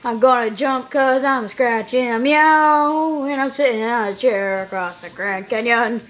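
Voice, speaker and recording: A woman voicing her lazy house cat in a home video, with a squeaky, excitable, indignant cartoonish manner. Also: a little slow, faint music behind, close to an everyday voice. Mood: grumbling. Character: scared, grumpy house cat voiced by its owner. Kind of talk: home video voiceover for pets.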